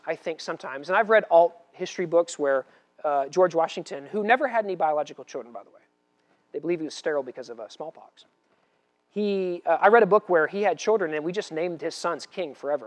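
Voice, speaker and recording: A male pastor preaching a sermon in an animated way, moving from loud declarations to quiet asides, with touches of humor. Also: sits high.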